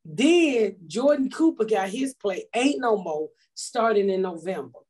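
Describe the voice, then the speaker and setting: A woman hosting a podcast, telling stories loudly and profanely in casual chat. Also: medium pitch, a little slow, husky. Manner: loud, profane, animated storytelling. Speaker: podcast host.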